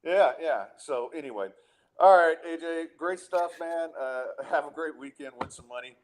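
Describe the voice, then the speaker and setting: A man's voice: on the high side, moderate pace, a little hiss or hum. A middle-aged man hosting a podcast, chatting casually and ranting with sarcasm and frequent restarts. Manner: exasperated, sarcastic, many restarts. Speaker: podcast host.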